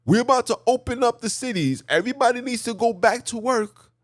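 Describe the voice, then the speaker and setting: Fairly quick and very high-voiced, this male podcast host rants through a preachy commentary monologue, stressing his arguments with list after repeated list. Slight background noise can be heard.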